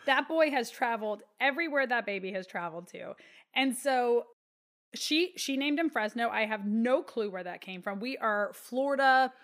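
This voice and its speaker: A woman's voice: on the high side, expressive, moderate pace, a bit bright. Earnest Texan woman telling a story. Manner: earnest, heartfelt storytelling with many fillers. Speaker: guest, children's book author. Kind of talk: conversational interview.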